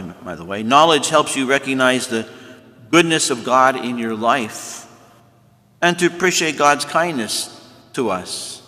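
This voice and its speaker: Male priest, catechism teacher, folksy and explanatory, bright tone, long church reverb. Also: mid-range voice. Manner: folksy, explanatory, self-made memory tricks. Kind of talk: teaching talk to confirmation students.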